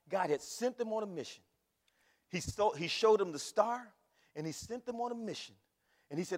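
A man with a high, bright voice preaches, swinging between quiet storytelling and shouts of praise. His voice swoops widely in pitch and rings out through a church hall with a long echo. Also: lively intonation, normal speed, long pauses. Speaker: pastor. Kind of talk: sermon. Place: church sanctuary.

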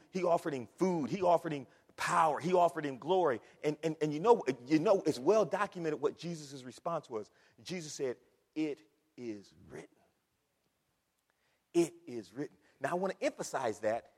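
A man's voice: on the high side, breathy edge. A man preaching a sermon from the pulpit, emphatic, repeating words and firing rhetorical questions at the congregation. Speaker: pastor. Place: church sanctuary. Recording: long hall reverb.

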